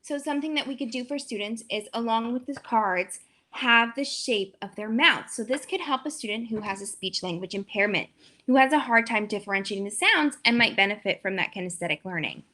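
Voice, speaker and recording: A young adult woman teacher walking through a demo phonics lesson, stretching out each letter sound slowly and clearly. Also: on the high side, lively intonation, pushed and bright.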